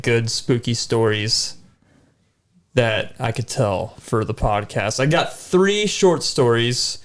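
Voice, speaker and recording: A young man co-hosting a podcast, casually reading a horror story aloud, tripping over words and laughing along the way. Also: medium pitch. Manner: laid-back, stumbles and laughs over words. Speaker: podcast co-host.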